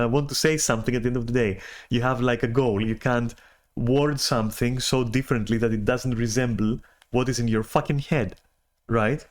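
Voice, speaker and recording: Man, mid-pitched voice, exasperated rant, swears a lot, stumbling restarts, casual monologue. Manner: agitated, profane, exasperated rant with many restarts. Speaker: podcaster venting.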